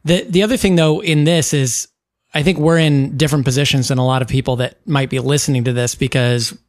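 A man co-hosting a podcast in casual chat, thoughtful and measured, with frequent ums. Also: medium pitch, steady tone, no room sound, clean studio sound. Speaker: podcast co-host.

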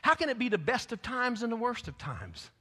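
A male pastor preaching a fervent sermon, swinging between loud exhortation and quiet asides. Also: extremely high pitch, huge pitch swings, a little fast, breathy edge. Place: church. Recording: long reverb of a church hall.

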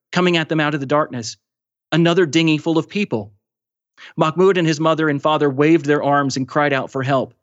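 A man reading aloud from his novel in a measured storytelling manner. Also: medium pitch, dry recording, lo-fi sound. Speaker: author reading his book. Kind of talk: read-aloud narration.

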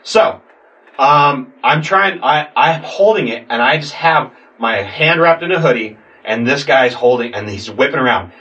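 A young man casually telling a story, animated, acting out voices and swearing a lot. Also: medium pitch, unhurried, highs cut off. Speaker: podcast guest telling a story. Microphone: sitting far from the mic. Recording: distant mic in a room.

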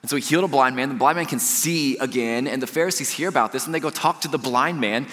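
A man delivers a sermon at a middling pitch. He moves between lively stretches and soft, deliberate pauses for emphasis. His voice carries a long reverb, as in a large church hall. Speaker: pastor.

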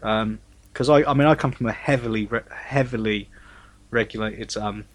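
A man, a guest in a casual political discussion, talking in an animated, conversational way. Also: on the low side, normal speed.

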